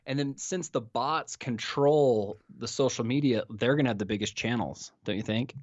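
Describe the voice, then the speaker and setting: A man interviewing his guest in casual conversation, enthusiastic and quick to agree. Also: medium pitch, a little mellow, no room sound. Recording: dull lo-fi sound.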